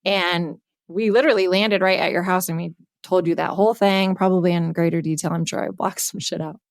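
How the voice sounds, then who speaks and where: A woman's voice: fairly low pitch, steady tone, fairly quick, dry recording, studio quality. A woman in her thirties, co-hosting a podcast, candidly retelling a story with casual swearing. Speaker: podcast co-host.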